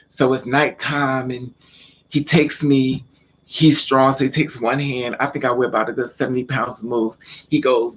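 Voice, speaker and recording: Vlogger, male, casual storyteller; animated, acts scenes out, repeats words for emphasis. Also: mid-range voice, moderate pace, a little hiss or hum.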